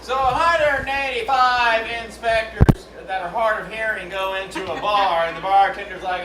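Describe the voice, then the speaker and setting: A man performing live improv comedy, telling joke setups in a loose, drawn-out way with fillers. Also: high-pitched, steady tone, crowd noise. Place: comedy theater stage. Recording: roomy theater sound from a distant mic.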